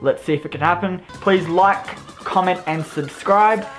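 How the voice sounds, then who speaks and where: A man's voice: high voice, measured pace. A young Australian man giving an enthusiastic, rambling movie review in a casual vlog, with faint music behind him. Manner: enthusiastic, rambling, self-deprecating.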